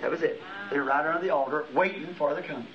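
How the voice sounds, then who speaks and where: A man's voice: on the high side, fast, crowd noise. A middle-aged man preaching a sermon, telling a vision as a story with impassioned rising exclamations. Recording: dull lo-fi archival tape.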